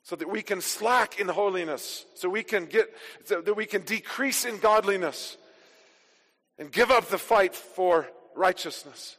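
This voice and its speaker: A man preaching a sermon as pastor, emphatic, building to forceful declarations. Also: high-pitched, unhurried. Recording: long hall reverb.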